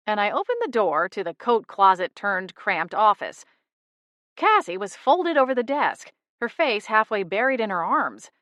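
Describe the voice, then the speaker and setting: A woman narrating a first-person cozy mystery audiobook in a wry, lively storytelling manner, on a close studio mic. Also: mid-range voice, dry recording.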